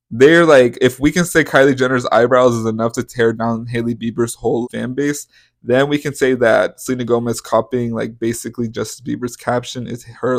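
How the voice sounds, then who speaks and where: A man's voice: medium pitch, gravelly, no echo. A young man hosting a podcast, giving casual, profane celebrity gossip commentary with dramatic, exaggerated outbursts. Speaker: podcast host.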